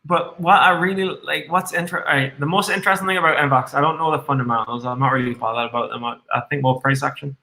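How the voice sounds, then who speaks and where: A man's voice: on the high side, pushed and bright. A man streaming his live stock trades, swearing constantly and reading chat aloud while a bit tipsy on red wine. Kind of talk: live trading commentary. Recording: echoey room.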